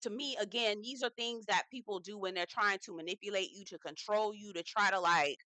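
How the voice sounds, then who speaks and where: Sex: woman. Role: reality TV recap host. Style: casual commentary. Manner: sassy and slangy, talks straight to viewers. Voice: bright and forceful. Sound: dry. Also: medium pitch, a little fast, no room sound.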